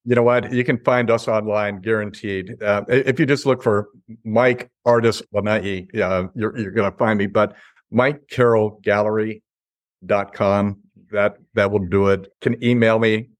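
A man's voice: on the low side, fairly even intonation, measured pace, no room sound. A man, an artist and gallery owner, chatting casually and telling stories with easy chuckles over a video call. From Chicago. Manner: laid-back, chuckling storyteller. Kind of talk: casual interview chat. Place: his gallery.

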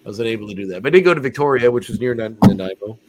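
A man's voice: on the low side, animated, rapid-fire, very noisy. A man co-hosting a podcast, chatting casually with jokes and frequent stumbling restarts. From Canada. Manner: joking, self-deprecating, stumbling restarts. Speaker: podcast co-host. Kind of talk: casual chat.

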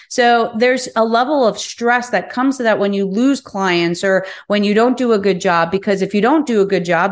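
On her business podcast, a woman talks openly in a solo monologue, her voice at a medium pitch. Now and then she curses, and she tends to repeat words while working out her thoughts.

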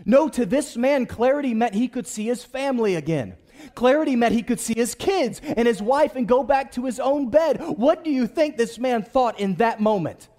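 Lively high-voiced male preacher. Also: normal speed, in a large hall. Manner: preaching with call-and-response to the congregation. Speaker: pastor. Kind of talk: sermon. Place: church.

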